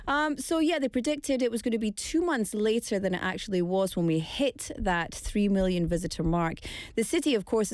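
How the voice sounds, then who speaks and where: A woman's voice: medium pitch, darkish tone, no echo, studio quality. Chatty woman hosting a show. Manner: chatty, with friendly asides to listeners. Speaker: radio show host. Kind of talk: casual broadcast chat.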